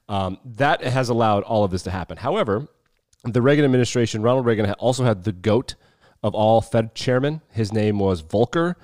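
A man in his thirties co-hosting a podcast, talking in a loose, animated way, swearing freely and mimicking people as he tells a story. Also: on the low side, brisk, dry recording, clean studio sound. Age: 30s. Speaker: podcast co-host. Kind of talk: casual chat.

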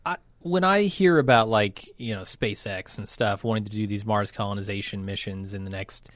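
A man in casual podcast chat, relaxed and agreeable, often answering with short replies. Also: on the low side, moderate pace, no room sound, clean studio sound.

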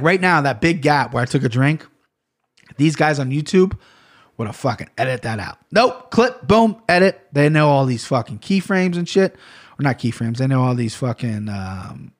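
A man talking to camera in a casual solo rant, rambling and cursing freely, with bursts of loud mock outrage. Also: mid-range voice. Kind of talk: casual solo rant about gear and fight news.

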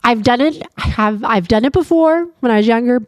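A woman's voice: on the high side, brisk, no room sound. A woman co-hosting a podcast in casual chat, rambling and laughing easily. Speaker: podcast co-host.

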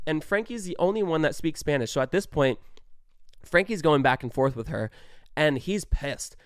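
A young man in his twenties telling a story in a casual, animated way, swearing often and stressing his words. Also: a little high, moderate pace, dry recording, clean studio sound. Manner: animated, profane, emphatic storytelling.

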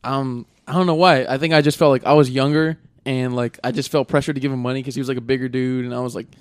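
A young man chats quickly with friends in a smooth, clear voice. He speaks bluntly and candidly. The sound is dry and close. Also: mid-range voice, level tone, dry recording. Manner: blunt, candid, jumps in with reactions. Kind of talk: casual chat.

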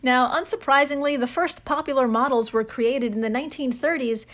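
A woman's voice: high voice, fairly quick. A young woman co-hosting a podcast, chatting casually, laughing often and swearing casually. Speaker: podcast co-host. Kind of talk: casual chat.

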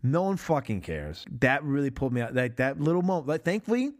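A man hosting a casual film discussion podcast, cursing freely and jumping into quick impressions of movie dialogue. His voice sits in an ordinary middle register, and his delivery is loose and energetic. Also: mid-range voice. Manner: animated, profane, mimics movie lines. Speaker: podcast host.

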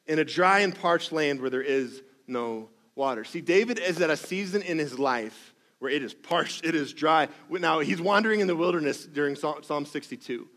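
A man's voice: fairly high pitch, animated, normal speed, fairly bright tone. A man preaching a sermon as pastor, conversational and emphatic, with self-deprecating asides and rhythmic repetitions.

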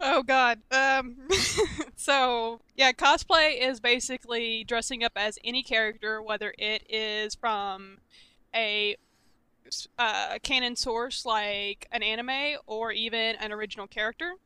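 A woman's voice: a little high, fairly even intonation, measured pace, pushed and bright, clear, resonant tone, no room sound. A woman guest on a casual podcast, answering with hesitant fillers and some laughter. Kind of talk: casual interview chat.

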